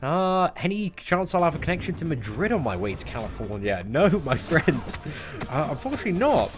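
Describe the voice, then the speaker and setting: A man's voice: a little high, sing-song, a little fast. Chill british dude in his 20s chatting on a game stream, jokes around with chat, music going in the background. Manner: laid-back, jokey banter, chuckling while reading chat. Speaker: gaming livestreamer. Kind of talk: casual livestream chat. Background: music playing.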